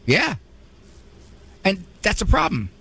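A man's voice: sits high, wildly swooping pitch, slow pace, pushed and bright, slightly rough. A man hosting a radio advice talk show, conversational and humorous with a preachy bent.

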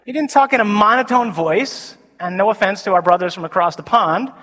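Animated priest preaching in a hall. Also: male voice, sits high. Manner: animated, shifts from loud emphasis to slow quiet declarations. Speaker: Catholic priest. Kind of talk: sermon to a men's conference. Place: large conference hall. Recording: reverberant conference hall.

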